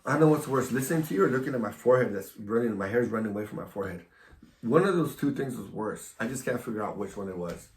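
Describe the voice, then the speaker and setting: A man's voice: mid-range voice, expressive, fast. Provocative man in an echoey room. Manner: provocative, teasing, laughs often. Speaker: host. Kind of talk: casual podcast chat. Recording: echoey room, mic at a distance.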